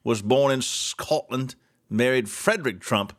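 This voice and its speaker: A man's voice: mid-range voice, a little slow. A middle-aged man hosting a solo talk show, ranting with sarcastic indignation.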